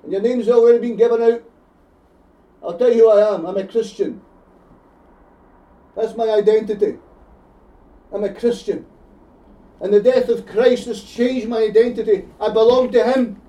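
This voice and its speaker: A man's voice: high-pitched, moderate pace, long pauses, dark tone, dull audio. A man with a Scottish accent preaching an evangelistic sermon, fervent and given to repeating his phrases for emphasis. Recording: echoey hall, heard from a distance.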